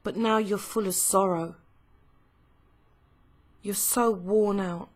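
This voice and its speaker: A woman giving a tarot reading, told as a slow, emotive second-person story with frequent pauses. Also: mid-range voice, fairly even intonation. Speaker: tarot reader.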